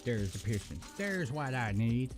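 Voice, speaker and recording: A man's voice: medium pitch, big pitch swings, measured pace, music in the background. Casual rambling man hosting a stream. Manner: rambling, self-interrupting, swears casually. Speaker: live-stream host building model kits. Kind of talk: casual live-stream chat.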